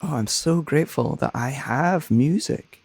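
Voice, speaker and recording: Male minister-songwriter, soothing scratchy voice with a gravelly edge, thoughtful interview talk. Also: a little high, measured pace, darkish tone, no echo. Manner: thoughtful, earnest, searching for words. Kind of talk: reflective conversation.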